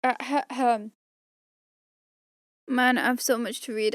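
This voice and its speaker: A woman's voice: a little high, fairly even intonation, unhurried, pauses often, no room sound, clean studio sound. A woman narrating an audiobook, chatting through bloopers in a tired, strained voice, rambling and joking at herself. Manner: rambling, self-mocking, tired. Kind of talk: casual bloopers and outro chat.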